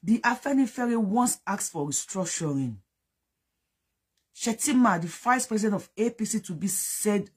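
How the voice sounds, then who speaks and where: A deeply raspy, husky voice with a Yoruba accent, delivering impassioned political commentary. The speaker is fervent and accusing, repeats lines for emphasis, and slips back and forth between English and Yoruba. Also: lively intonation, moderate pace. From Nigeria.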